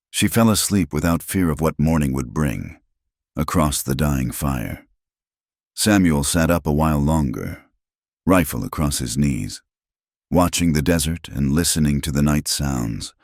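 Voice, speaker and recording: A man narrating a Western story in a calm, measured, scripted style. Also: rumbling low, dry recording, studio quality.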